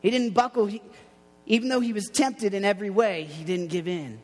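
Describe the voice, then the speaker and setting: With a high, brisk voice and fairly even intonation, a youth pastor gives a laid-back, playful sermon to a young audience. He tells stories and dramatizes what people say, and the hall adds long reverb.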